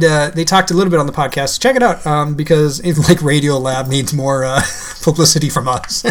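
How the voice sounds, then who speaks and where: A podcast co-host in casual chat who rambles, laughs often and uses lots of fillers. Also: medium pitch.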